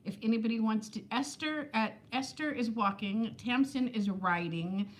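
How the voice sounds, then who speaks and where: A woman's voice: a little high, moderate pace. Chatty woman in her fifties, laughing often. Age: 50s. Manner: chatty, laughs often, reads viewer comments aloud. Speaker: vlog host reading live chat. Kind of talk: casual live-stream chat. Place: home, indoors.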